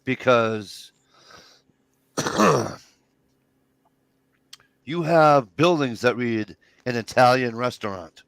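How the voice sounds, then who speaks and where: A man's voice: mid-range voice, extremely slow, creaky, pauses often, a bit bright, no room sound. A man co-hosting a casual livestream chat, explaining his point in a rambling way with many restarts. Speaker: co-host.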